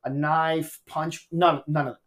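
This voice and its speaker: A man's voice: a little high, takes it slowly. A man, a stand-up comedian, telling a story on a podcast in a casual, profane way and acting out quotes. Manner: animated, profane, acts out quotes.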